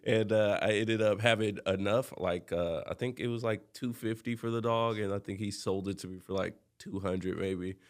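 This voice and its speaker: A man from Southern California, a loud, animated dog trainer telling stories as a podcast guest. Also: fairly low pitch, moderate pace, few pauses. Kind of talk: casual storytelling.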